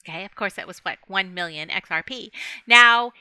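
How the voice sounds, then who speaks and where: A middle-aged woman rambles through a casual vlog monologue, addressing her viewers directly and breaking into laughs. Her voice is very bright and smooth. The sound is dry and close. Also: medium pitch, a little fast, no room sound. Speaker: vlogger.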